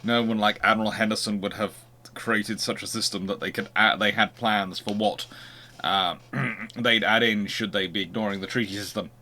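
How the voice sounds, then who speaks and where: A man's voice: on the low side, fairly even intonation, moderate pace, pushed and bright. A man hosting a history channel, giving an unscripted lecture and posing rhetorical questions as he explains.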